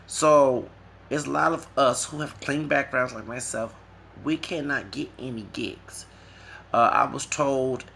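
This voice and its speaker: An American male vlogger delivers a casual, rambling rant to camera, mocking and animated, ending his points with a questioning "okay?". His mid-range voice is creaky, and there's a little hiss or hum.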